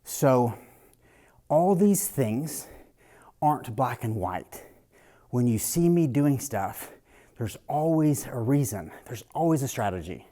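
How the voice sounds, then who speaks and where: A man's voice: medium pitch, expressive, slow pace, pauses often, warm tone. A man who works as a personal trainer, coaching a workout in a casual, blunt way and swearing freely.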